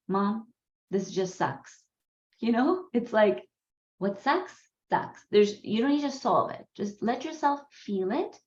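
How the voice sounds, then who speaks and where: A woman whose first language is Gujarati, hosting a parenting course in a candid, animated storytelling way with frequent laughs. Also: medium pitch, vocal fry. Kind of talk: conversational course talk. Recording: roomy, slightly dull sound.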